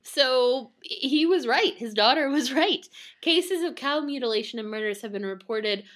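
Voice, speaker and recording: A young woman co-hosts a casual podcast, reading out a news story between giggles and fillers. Her voice sits fairly high and swings widely in pitch. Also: animated, unhurried, fairly bright tone. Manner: giggly, chatty, with many fillers. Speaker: podcast co-host.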